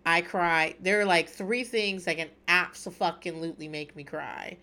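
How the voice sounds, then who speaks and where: A woman's voice: on the low side, steady tone, normal speed, sharp tone. A woman hosting a podcast, chatting casually and candidly, swearing freely and laughing often. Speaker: podcast host. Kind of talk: casual recap chat.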